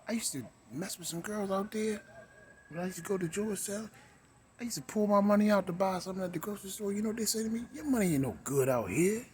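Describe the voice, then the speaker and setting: A middle-aged show host from Maryland talks in a high voice, with a little hiss or hum in the audio. His monologue rambles and drawls, drifting into hums and whispers.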